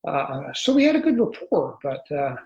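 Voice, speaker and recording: A man in his sixties, a guest author recounting his own past in an interview. He tells it earnestly and haltingly, with many restarts. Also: on the high side, huge pitch swings, a little mellow, echoey room, highs cut off. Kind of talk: storytelling in an interview.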